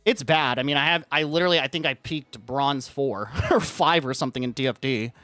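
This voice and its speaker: A man's voice: mid-range voice, fairly quick, sharp tone, no room sound, faint music behind. A young man streaming, ranting casually to his chat in a rambling way, filling his talk with "like". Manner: rambling, heavy use of "like", acts out quoted lines.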